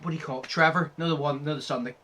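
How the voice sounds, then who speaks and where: Young male podcast co-host, brightly toned, loose and sweary, quick to laugh. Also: a little high, steady tone, slight background noise. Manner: swears freely, laughs often, retells comedy scenes. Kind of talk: casual podcast chat.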